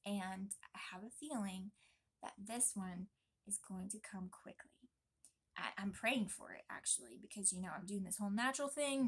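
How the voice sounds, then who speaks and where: A young woman vlogging casually, talking in an emphatic, chatty and animated way. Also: a little high, normal speed. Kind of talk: casual pregnancy vlog talk.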